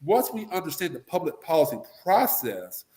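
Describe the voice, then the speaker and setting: Interview guest: blunt, animated man, fairly high voice, casual political talk. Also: moderate pace.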